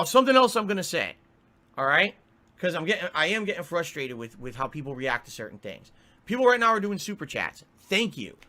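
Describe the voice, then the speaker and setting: A man's voice: a little high, sharp tone. A male streamer in an angry, profane rant, exasperated and repeating himself.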